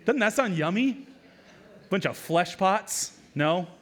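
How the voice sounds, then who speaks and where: A man, a lead pastor, preaching a sermon in a conversational, animated way with quick asides and repeated words. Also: high voice.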